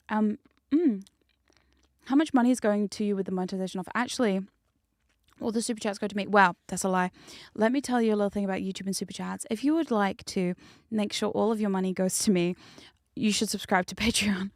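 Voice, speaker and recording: A woman chats on a live stream in a loose, teasing, rambling way and now and then slips into a soft whisper. Her voice sits at an ordinary pitch. The sound is close and dry, from a studio condenser mic with no room around it. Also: fairly even intonation, brisk, no echo. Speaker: hypnosis content creator and streamer. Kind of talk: casual live-stream chat with whispered asides.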